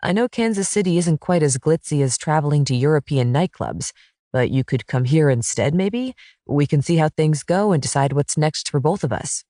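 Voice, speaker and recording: A woman's voice: low voice, expressive, moderate pace, warm tone, no echo, studio quality. A woman voicing an earnest, plain-spoken romantic man, a professional quarterback and single dad, in an audiobook.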